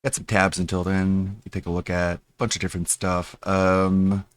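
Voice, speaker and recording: A man with a lowish voice hosts his live stream, talking casually and drifting between thoughts. He tosses in meme slang and restarts sentences freely. The sound is dry, with no room around it. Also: completely flat delivery, normal speed, dry recording. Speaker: streamer host.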